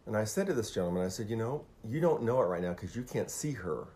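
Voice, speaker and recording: A man's voice: on the low side, animated, quick pace, dark tone. A man, a marriage counselor guest, talking casually and emphatically, telling stories and affirming the others. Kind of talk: casual conversation.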